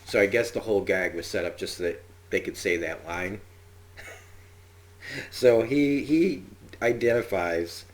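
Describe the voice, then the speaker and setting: Male podcast host, deep voice, chatty rambling episode recap. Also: unhurried, long pauses. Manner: rambling, chatty, with frequent fillers and acted-out quotes. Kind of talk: casual spoken episode review.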